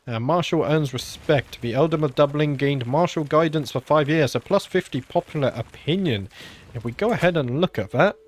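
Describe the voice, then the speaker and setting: A man's voice: on the high side, normal speed. A man with a British accent giving casual let's-play commentary on a strategy game, musing aloud with frequent filler sounds and sounding slightly under the weather. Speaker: gaming channel host.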